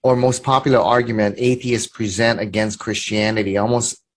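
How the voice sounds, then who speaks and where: A man hosting an interview, asking measured questions and summing up. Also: on the low side, flat delivery. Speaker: host.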